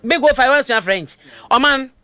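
Bright-voiced Ghanaian woman co-host. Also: high voice, normal speed, dry recording. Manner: animated, mixes Twi and English. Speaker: radio show co-host. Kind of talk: current affairs discussion.

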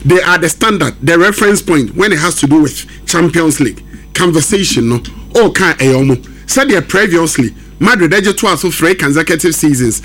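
Animated man talking football. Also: on the high side, fairly quick. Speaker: football pundit. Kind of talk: sports radio discussion.

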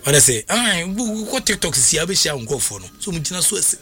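A man giving casual sports news commentary, talking excitably with emphatic repetitions and frequent restarts. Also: fairly high pitch, quick pace, soft background music.

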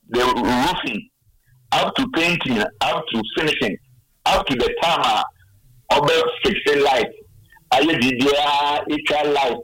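Ghanaian male guest, forceful bright tone, patient explainer, frequent hesitation fillers. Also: medium pitch, poor audio. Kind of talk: radio interview answers.

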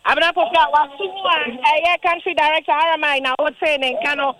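High-voiced Ghanaian woman reporting live. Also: steady tone, poor audio. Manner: brisk, mixing in English. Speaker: field reporter. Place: outdoor festival. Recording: loud crowd behind.

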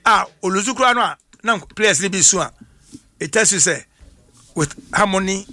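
A man's voice: sits high, expressive, fairly quick, pushed and bright, no echo. A man with a Ghanaian accent, a football pundit on a radio sports talk show, talking emphatically and often asking rhetorical questions in a studio.

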